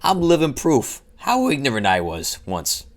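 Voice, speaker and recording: A man's voice: mid-range voice, huge pitch swings, unhurried, crowd noise. A man voicing a fawning female head researcher in a dramatic reading of a game file, gushing and laughing as he goes. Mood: zealous.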